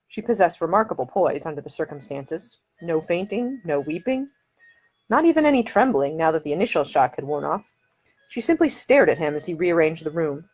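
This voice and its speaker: A woman narrating her own novel in a measured audiobook reading. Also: low-pitched, animated, a little mellow.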